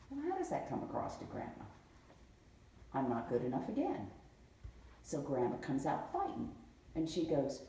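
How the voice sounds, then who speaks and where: A woman's voice: low voice, moderate pace. A middle-aged woman in a casual family conversation, telling stories and acting out what her relatives said. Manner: animated storyteller who acts out family quotes. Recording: echoey room, mic far off.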